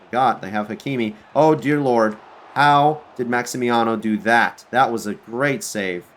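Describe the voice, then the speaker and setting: A man commentating his football video game career mode, excitable and swinging between groans and outbursts at his players. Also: medium pitch, measured pace. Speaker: gaming YouTuber.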